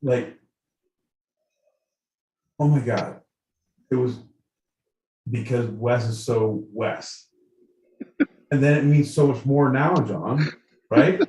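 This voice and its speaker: A man co-hosting a live-streamed podcast, telling a story loudly and profanely with lots of filler and rambling. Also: mid-range voice, slow, long pauses, reverberant, far from the mic, rough recording. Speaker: podcast co-host. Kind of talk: rowdy live-stream banter.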